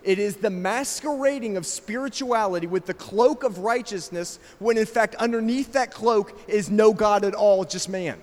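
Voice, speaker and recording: High-voiced preacher in a reverberant church. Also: male voice, normal speed, hardly any pauses, a little mellow. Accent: slight South African. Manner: emphatic, with rhetorical questions to the congregation. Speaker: pastor. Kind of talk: sermon. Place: church sanctuary.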